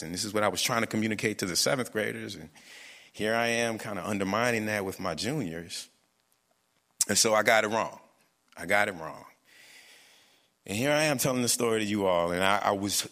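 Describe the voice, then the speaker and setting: A man recounts a personal story before an audience, earnest and reflective. His voice sits a little low but rings bright and forceful, and he often pauses and restarts mid-thought. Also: big-room sound.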